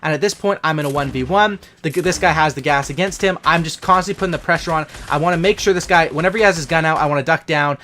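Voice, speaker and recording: A young man with a fairly high voice walks through his own match in post-game commentary, casual and excited. He talks like a gaming channel host to his viewers, hyped about every play. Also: quick pace, few pauses, a little hiss or hum. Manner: hyped, casual gamer talk.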